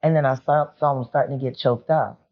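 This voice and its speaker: Very deep-voiced woman telling a story. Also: fairly even intonation, a little fast. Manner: rambling, confiding, emotional. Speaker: podcast guest. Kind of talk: candid storytelling interview. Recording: muffled lo-fi sound.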